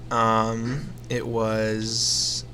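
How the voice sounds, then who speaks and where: A man's voice: medium pitch, fairly even intonation, bright, forceful tone, slight background noise. A young man co-hosting a comedy film podcast, speaking hesitantly and filling gaps with ums. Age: young adult. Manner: slow, hesitant, full of ums. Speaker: podcast co-host. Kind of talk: casual comedic film chat.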